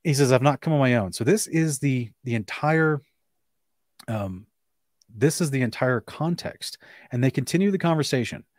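A man hosting a casual live-streamed discussion, reading scripture aloud in between quick restarts and short chuckles. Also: mid-range voice, dry recording, studio quality. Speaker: host.

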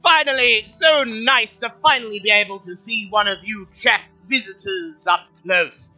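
A man's voice: sits high, normal speed, bright, forceful tone, soft background music, voice pushed up, exaggerated voice, low-quality recording. A man voicing a polite, chatty old male camel who uses old-fashioned phrasing. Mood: cheerful, chatty.

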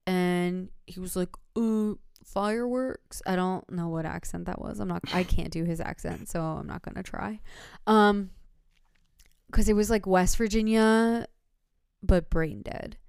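A woman's voice: lowish voice, steady tone, unhurried, creaky, a little mellow, clear, resonant tone, dry recording, clean studio sound. A young woman co-hosting a podcast, telling a long story in a rambling way, full of fillers and laughs. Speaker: podcast co-host. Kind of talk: casual podcast chat.

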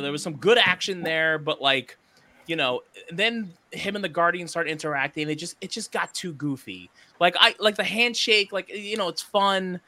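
A man's voice: a little high, bright, forceful tone. A man co-hosting a podcast, giving a rambling, hesitant review full of fillers. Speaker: podcast co-host.

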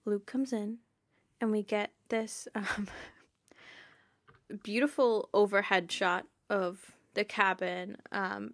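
A woman's voice: medium pitch, slow, no room sound, studio quality. A young woman hosting a fan podcast, chatting casually in a bubbly, giggly way with lots of fillers. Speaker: podcast host.

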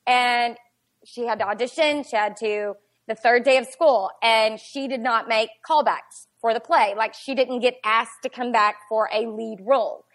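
A woman tells a family story on a podcast. Her voice sits a little high, and she talks in a chatty, animated way, with "like" all through it. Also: normal speed. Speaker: podcast guest. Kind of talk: casual storytelling chat.

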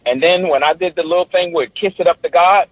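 Man, middle-aged, comedian, lively storyteller, does other people's voices, dry slightly dull audio. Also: high voice, brisk, dry recording. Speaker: comedian guest. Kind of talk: storytelling in a podcast conversation.

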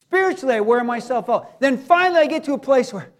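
A man preaching a sermon, talking to the congregation in a conversational way and breaking into loud acted cries. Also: very high-pitched, very animated, quick pace. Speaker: pastor.

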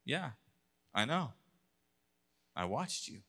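A male pastor delivering a sermon with a bright, forceful voice. He reads scripture and acts out God's lines in a mock voice, moving between hushed passages and loud, insistent bursts. His pitch sits in an ordinary middle range. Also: big pitch swings, slow pace, creaky.

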